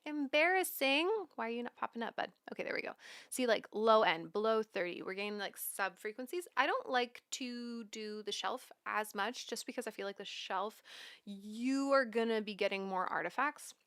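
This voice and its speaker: A young Canadian mixing engineer gives casual, chatty feedback on a listener's track during a live mix critique, full of "like" and asides to herself as she works, with the track playing in the session. Her voice is medium-pitched, moderately paced, fairly bright, and clean, recorded dry in studio quality.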